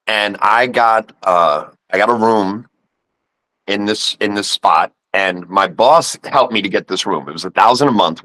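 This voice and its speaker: A man's voice: fairly low pitch, sharp tone, no echo, rough recording. A man in his fifties with a New York accent, a guest telling a personal story in casual conversation and acting out the voices he quotes. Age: 50s.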